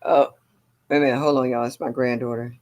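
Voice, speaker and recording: A woman's voice: a bass voice, flat delivery, a little fast, a little mellow, muffled recording. An older woman hosting a gardening livestream, chatting casually and reading viewer comments aloud. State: a little sore.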